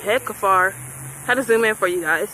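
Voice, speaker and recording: A woman vlogging on a handheld camera at an outdoor park, chatting in a slangy, excitable way. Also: mid-range voice, moderate pace, a faint crowd, low-quality recording. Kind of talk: casual vlog chat. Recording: outdoor noise behind.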